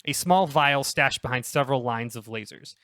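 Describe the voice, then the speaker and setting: A young man on a casual comedy podcast, pitching a story in a rambling, self-interrupting way and laughing at his own jokes. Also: moderate pace, pushed and bright, no echo, clean studio sound.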